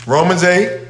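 Here a pastor with a voice that sits high preaches a sermon in a church sanctuary, emphatically calling out questions to those gathered. The room is echoey, with a little hiss or hum in the background.

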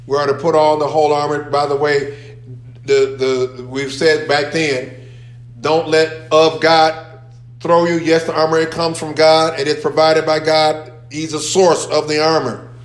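A man preaches a sermon, pressing his points by repeating key phrases and building emphasis. His voice sits a little high. The sound rings in an echoey church room. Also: flat delivery, a little slow. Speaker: pastor.

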